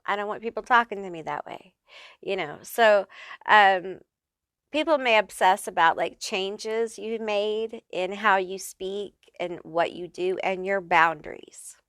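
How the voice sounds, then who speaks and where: A woman's voice: mid-range voice, measured pace, fairly bright tone, clear, resonant tone, no room sound, clean studio sound. A woman giving a casual pick-a-card tarot reading, chatty and reassuring, who swears freely and keeps checking in with "okay?" and "honey.". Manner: reassuring, affirming. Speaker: tarot reader.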